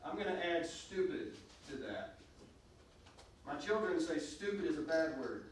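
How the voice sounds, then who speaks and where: High-voiced man teaching a church class. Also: big pitch swings, unhurried, slight background noise. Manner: emphatic, with frequent restarts and questions to the class. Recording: echoey room, recorded from a distance.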